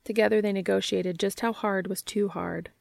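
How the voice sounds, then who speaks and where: Woman reading a story out loud, low gravelly voice, steady and even, dry close sound. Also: normal speed, no room sound. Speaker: reader.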